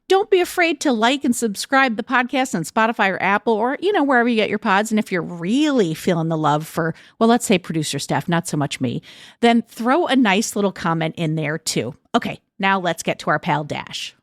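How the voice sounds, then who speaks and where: A woman's voice: medium pitch, big pitch swings, a little fast, no echo, studio quality. A woman podcast host from upstate New York with that region's accent, direct, chatty and joking. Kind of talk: casual podcast chat.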